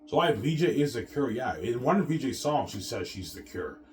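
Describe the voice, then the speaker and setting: A man from Canada talking in a rambling, repetitive monologue, often trailing off with drawn-out filler words. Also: mid-range voice, big pitch swings, slight background noise. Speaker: vlogger.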